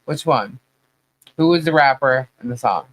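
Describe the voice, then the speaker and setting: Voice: medium pitch, expressive, normal speed, a bit bright. A podcast host in a casual, rambling trivia chat, laughing often as they talk.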